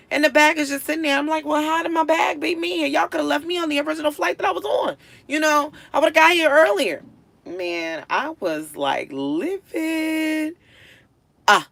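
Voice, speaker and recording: Gravelly, high-voiced woman ranting. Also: no echo. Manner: animated, swings from low mutters to loud exasperated outbursts. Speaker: live-stream host. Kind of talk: casual storytelling to viewers.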